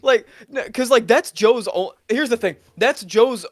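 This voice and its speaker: A man's voice: extremely high pitch, a little slow, no echo. A young man co-hosting a podcast in casual chat, joking and playful. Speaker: podcast co-host.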